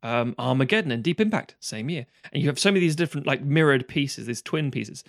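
Fast-talking man, casual film chat. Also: medium pitch, animated, creaky, dry recording, studio quality. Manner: fast, rambling, swears freely, frequent restarts. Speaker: podcast co-host.

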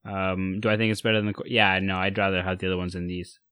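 Low-voiced man giving casual buying tips. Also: quick pace, clean tone, no echo. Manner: relaxed, many fillers and restarts, giving buying advice. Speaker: sneaker and streetwear co-host. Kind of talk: casual chat.

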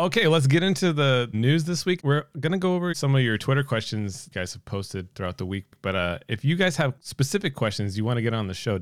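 A man's voice: medium pitch, no room sound, studio quality. A man hosting a casual podcast about movies and TV, upbeat and laughing often. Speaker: podcast host.

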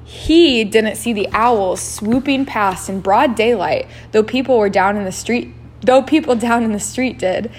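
A woman reading a novel aloud at an unhurried pace, now and then adding her own asides. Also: fairly high pitch, slight background noise. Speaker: reader.

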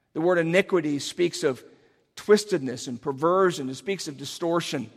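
A man preaches in a church sanctuary, his voice sitting a little high for a man. He talks earnestly and rises to emphatic cries on his key phrases. A long hall reverb trails behind each line. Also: moderate pace. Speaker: pastor. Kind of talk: sermon.

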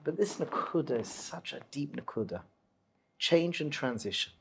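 A man telling a story with animated delivery, dropping to a hush and then rising loud and high. His pitch roams widely as he acts out the tale. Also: moderate pace, vocal fry, slightly rough. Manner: animated, swings from hushed to loud. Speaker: guest storyteller.

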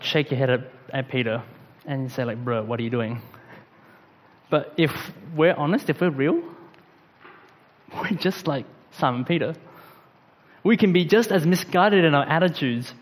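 Casual young-sounding preacher in a reverberant hall. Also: male voice, a little high. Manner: conversational, slangy, many fillers. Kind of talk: casual sermon.

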